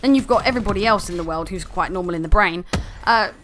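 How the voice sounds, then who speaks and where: A woman's voice: on the low side, fast, fairly bright tone, a little hiss or hum. A woman ranting in an angry, sarcastic commentary video full of swearing.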